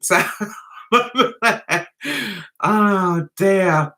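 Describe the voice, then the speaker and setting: A woman's voice: mid-range voice, extremely slow, pushed and bright. A middle-aged British woman hosting a casual live-stream chat, reading out viewers' comments and laughing at herself. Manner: giggly, chatty, often laughs at herself.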